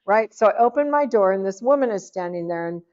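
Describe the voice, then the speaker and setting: A middle-aged woman tells her personal testimony to a church audience. She is a lively storyteller who acts out each exchange, her voice sitting at a middling pitch. The recording is dull and slightly lo-fi. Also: brisk. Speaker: guest speaker giving a personal testimony.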